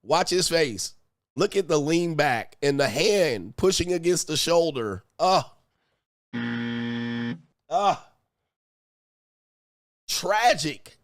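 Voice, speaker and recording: A man hosting a casual reaction commentary, animated and profane, with laughing asides. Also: a little high, slow, long pauses, no room sound. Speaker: commentary channel host.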